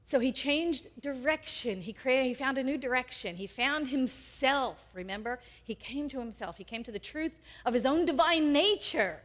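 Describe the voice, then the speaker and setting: A woman pastor delivering a sermon in an animated way, acting out the quoted characters as she goes. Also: high-pitched, normal speed, hardly any pauses.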